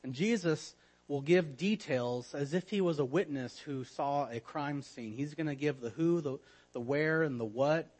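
A man's voice: a little high, a little slow, poor audio. Earnest man preaching a sermon. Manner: earnest, drops to a hushed voice for emphasis. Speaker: pastor.

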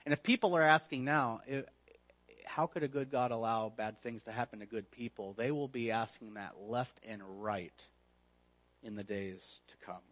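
A man preaching a sermon with emphatic repetition, letting phrase endings fall low and quiet. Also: normal speed. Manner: emphatic, repeats words, drops low on phrase ends.

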